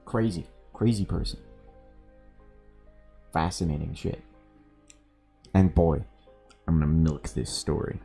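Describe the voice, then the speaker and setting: A male streamer with a low, dark voice tells a story while playing a game. He talks casually, swears freely, and stays sardonic and amused throughout. Quiet game music plays underneath. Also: takes it slowly, gravelly, long pauses.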